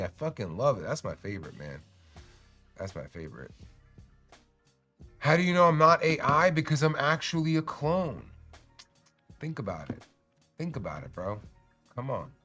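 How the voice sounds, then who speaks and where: A man's voice: medium pitch, wildly swooping pitch, moderate pace, long pauses, fairly bright tone, soft background music. A man hosting a casual livestream, chatting in a rambling, joking way and swearing freely. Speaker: cannabis streamer and host.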